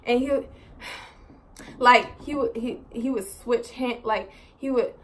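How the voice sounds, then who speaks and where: A woman's voice: fairly high pitch, slow. Rambling young woman telling a story. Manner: rambling, animated, heavy use of "like" and "so"; exasperated, swearing. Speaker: vlogger. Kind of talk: casual storytime monologue.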